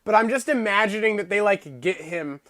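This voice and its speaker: A man's voice: high-pitched, expressive, moderate pace, a bit bright, no room sound, clean studio sound. A man co-hosting a comedy podcast, teasing and joking crudely in casual chat. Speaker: podcast co-host.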